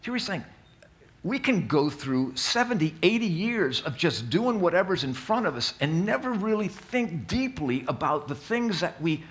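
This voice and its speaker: A man's voice: high-pitched, sing-song, moderate pace, fairly bright tone. A man leading an introductory church course, talking in a folksy, self-deprecating way and often restarting his sentences. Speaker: Alpha course leader. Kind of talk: informal church talk. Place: church hall.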